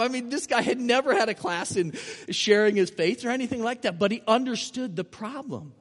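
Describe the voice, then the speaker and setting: A man with a high, light speaking voice preaches in a casual storytelling way. He hammers points home by repeating phrases. His voice rings with the long reverb of a church hall. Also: a little fast. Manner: emphatic, repeats key phrases. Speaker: missionary preacher. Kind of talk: sermon storytelling.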